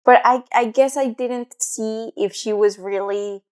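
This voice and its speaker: A woman's voice: fairly high pitch, steady tone, unhurried, clean tone. Young woman podcast cohost, rambly, lots of likes and ums, just chatting. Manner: rambling, hesitant, many fillers. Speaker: podcast co-host. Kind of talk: casual chat.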